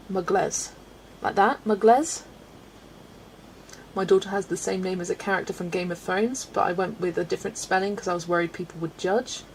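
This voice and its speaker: This Belgian livestream host chats casually with viewers while colouring at her desk at home, reading out the chat. Her voice is medium-pitched; she laughs often and fumbles names. The audio is poor, with a little hiss or hum.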